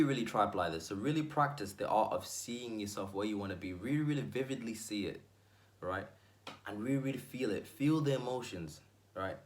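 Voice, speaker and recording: Emphatic man giving a motivational talk. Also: lowish voice. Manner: emphatic, repetitive, with frequent asides to the listener. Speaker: motivational video host.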